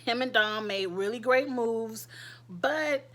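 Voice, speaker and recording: A woman giving chatty, sassy commentary as a show reviewer, her throat irritated so that she keeps clearing it. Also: on the high side, takes it slowly, fairly bright tone. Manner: chatty, sassy, laughs often. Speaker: reality TV reviewer. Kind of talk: casual commentary.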